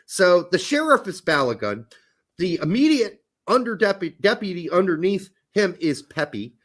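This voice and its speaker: Animated, profane man, high voice. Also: normal speed. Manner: blunt, profane, heated. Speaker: podcast host. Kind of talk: casual sports chat.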